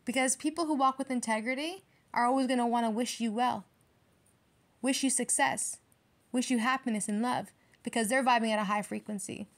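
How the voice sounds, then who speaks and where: A woman's voice: a little high, steady tone, brisk. A woman giving a casual tarot reading in a brash, emphatic way, swearing freely as she talks to her viewers. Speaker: tarot reader.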